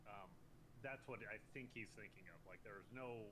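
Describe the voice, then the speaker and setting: A low-voiced man chews gum as he lays out the rules in a role-play game. He talks bluntly and folksily, and a constant noise runs beneath his voice. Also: moderate pace. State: chewing gum. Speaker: senior law-enforcement character explaining rules. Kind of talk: in-character role-play chat.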